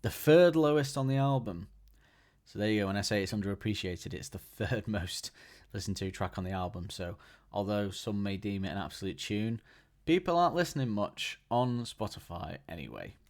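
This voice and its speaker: A man's voice: lowish voice, darkish tone. A man hosting a podcast alone, chatting casually and enthusiastically, often restarting his sentences. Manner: enthusiastic, rambling, frequent restarts. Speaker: podcast host. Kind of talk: casual solo podcast chat.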